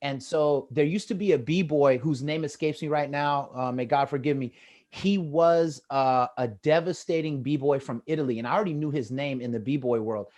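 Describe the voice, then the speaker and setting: A man with an American accent telling lively stories in casual chat over a video call, acting out the quotes with a rising voice. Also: a little high, moderate pace. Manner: animated, acts out quotes with rising voice. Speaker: guest storyteller.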